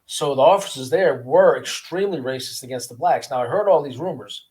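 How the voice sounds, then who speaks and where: A man, a former prisoner, telling his story in a casual interview with an earnest, halting manner, often repeating words. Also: mid-range voice, darkish tone. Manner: earnest, repeats words, acts out guards' voices.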